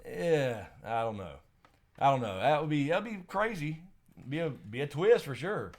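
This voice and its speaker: A man's voice: fairly high pitch, big pitch swings, moderate pace. A young man hosting a live stream Q&A, chatting casually, rambling, laughing often and swearing.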